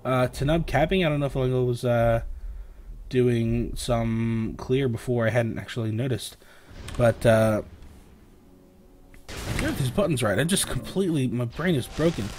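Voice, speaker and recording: A young man with a sore throat, casting a video game match alone in a rambling play-by-play full of fillers, often clearing his throat. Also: mid-range voice, moderate pace, pauses often, a little mellow, slight background noise. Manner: rambling, filler-heavy, lifts and speeds up on big plays. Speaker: esports caster. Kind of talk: solo play-by-play game commentary.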